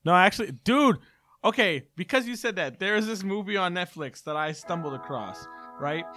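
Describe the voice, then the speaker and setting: A man's voice: sits high, animated, moderate pace, bright, forceful tone, soft background music. Rambling, laughing young man. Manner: rambling, laughing storyteller with many restarts. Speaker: podcast co-host. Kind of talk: casual chat.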